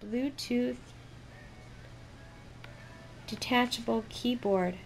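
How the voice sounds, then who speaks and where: A woman vlogging an excited unboxing, gushing with repeated delighted exclamations. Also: on the high side, measured pace, creaky, a little hiss or hum. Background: crinkling packaging.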